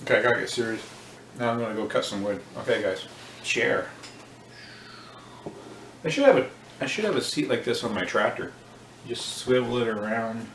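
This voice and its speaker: A man's voice: mid-range voice, normal speed, long pauses, fairly bright tone, far from the mic. A man vlogging in a casual joking monologue, rambling and thinking aloud with a self-mocking manner. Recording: roomy echo with faint noise.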